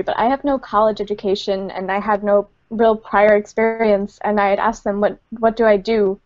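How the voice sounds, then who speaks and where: A woman's voice: fairly high pitch, a little mellow, highs cut off. A woman, a game studio community manager, chatting casually in an interview with many fillers and frequent laughs, over a computer microphone.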